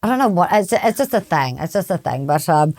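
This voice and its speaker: Animated woman, laughing easily. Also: lowish voice, fairly quick. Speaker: podcast co-host. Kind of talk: casual group chat.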